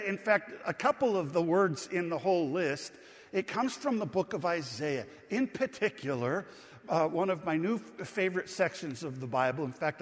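A man preaching a sermon as pastor, conversational and earnest, slowing down to stress scripture. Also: fairly high pitch, big-room sound. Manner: earnest, conversational preaching with slow emphatic quotes.

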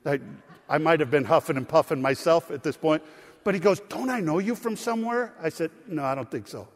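A male pastor with a fairly high voice delivers a sermon, moving from a chatty story to emphatic preaching. The sound rings with long reverb in a church hall. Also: a little fast. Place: church sanctuary.

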